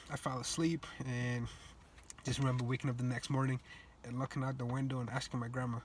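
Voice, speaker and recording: A man's voice: mid-range voice, a little hiss or hum. A young man from Cape Verde telling a personal story, earnest and reflective, with loose casual grammar. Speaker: student speaker.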